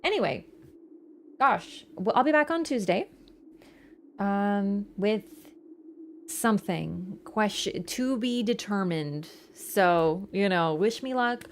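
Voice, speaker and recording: Young woman streamer, middle pitch, rambling casual sign-off chat, light swearing. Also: animated, slow pace, a little hiss or hum. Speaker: game streamer.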